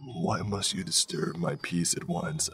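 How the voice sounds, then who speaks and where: A man voicing a calm, eerie forest creature with a raspy, deep voice, over soft music. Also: measured pace. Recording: faint background music.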